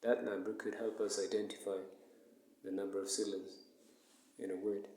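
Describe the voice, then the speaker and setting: A male English teacher giving a recorded lesson, who explains slowly, repeats words and counts syllables aloud. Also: lowish voice, little pitch movement, a little mellow, a little hiss or hum. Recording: echoey room.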